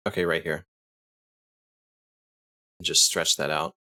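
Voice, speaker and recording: A man's voice: very deep voice, flat delivery, slow, pushed and bright. A man who streams, casually walking through his video editing on screen while thinking aloud, restarting sentences and chuckling now and then. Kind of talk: casual screen-share tutorial.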